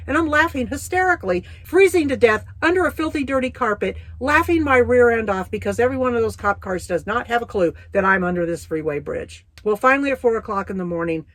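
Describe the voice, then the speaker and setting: A woman's voice: fairly high pitch, fairly bright tone, no room sound. A middle-aged woman from the United States telling her personal testimony in a vivid, folksy, blunt way. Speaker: Christian testimony speaker.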